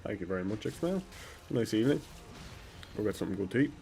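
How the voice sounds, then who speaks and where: A man's voice: fairly low pitch, lively intonation, fast talker, vocal fry, dark tone, a little hiss or hum. A man streaming a game live, talking to himself and swearing in frustration, with game music behind him. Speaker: gaming streamer. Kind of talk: live gameplay commentary.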